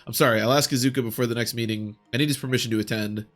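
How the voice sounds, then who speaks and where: A man reading aloud as an eager young prince from a fantasy game, earnest and a little anxious. The voice sits at an ordinary middle pitch and stays plainly read rather than acted. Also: fairly even intonation, very fast, fairly bright tone, faint music behind, natural voice.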